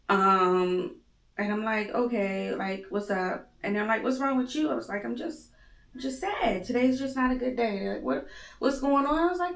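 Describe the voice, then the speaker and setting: A woman's voice: fairly high pitch, normal speed, echoey room. A woman in her thirties hosting a candid, emotional monologue, raw and blunt with plenty of swearing, audibly tearful. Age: 30s. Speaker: host. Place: home.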